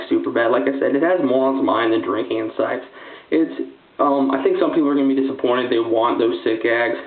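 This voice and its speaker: A man giving a casual, rambling movie review, full of "like" and "um". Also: medium pitch. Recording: tinny lo-fi sound in an echoey room.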